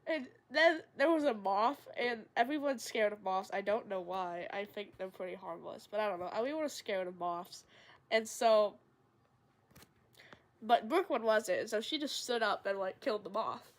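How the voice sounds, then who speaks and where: A young woman streamer rambling through a story while she plays a game, full of "like" fillers and sudden excited jumps in tone. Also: normal speed. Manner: animated, jumps into high excited tones. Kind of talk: casual storytelling while gaming.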